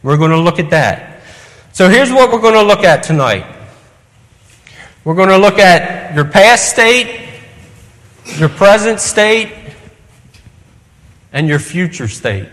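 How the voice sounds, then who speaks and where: A man with a high, light voice preaches an earnest evening sermon and keeps asking the congregation questions. His words ring out with a long reverb, as in a church hall. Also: lively intonation, slow pace, long pauses, a bit bright.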